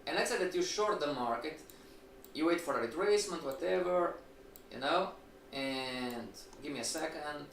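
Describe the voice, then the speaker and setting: A man teaching a live-streamed trading lecture, animated, asking rhetorical questions and acting out his students' replies. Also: fairly high pitch, normal speed, gravelly. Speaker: trading instructor. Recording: echoey room, distant mic, faint noise.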